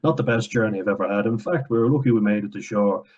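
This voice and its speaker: Irish male vlogger, deep and husky, blunt sardonic ranter who swears freely. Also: fast talker, a little mellow, lo-fi sound. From Ireland. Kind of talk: casual opinion rant.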